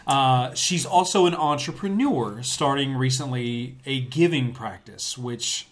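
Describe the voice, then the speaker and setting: A man's voice: medium pitch, a little slow. A man hosting a casual podcast, joking and giving mock-formal introductions. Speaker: podcast host.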